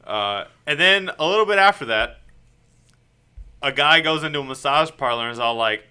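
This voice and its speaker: A man with a strikingly bright, slightly high voice talks through a comic story on a podcast. He recaps it loosely and acts out the characters' lines in quick asides as he goes. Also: clean tone. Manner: animated retelling with quick acted-out quotes and laughs. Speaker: podcast co-host. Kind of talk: casual comic book recap chat.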